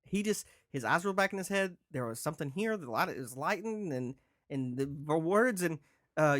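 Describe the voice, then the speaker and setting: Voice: mid-range voice, animated, normal speed, a bit bright, dry recording, studio quality. A player in a tabletop game, often speaking as their character and firing off questions in bursts.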